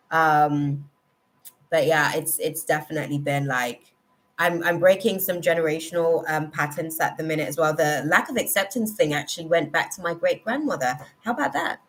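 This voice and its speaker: On a live tarot stream, a woman with a deep voice talks at normal speed. She chats casually with viewers, effusive and emotional, rambling with plenty of fillers.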